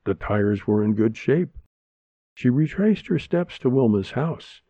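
A man narrating an audiobook in a measured, steady way, in a dull lo-fi recording. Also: mid-range voice, dry recording.

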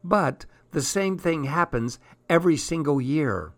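A man's voice: fairly high pitch, animated, unhurried, voice pushed up. A man voicing a bored young girl who wants a scare, reading a storybook aloud. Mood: eager.

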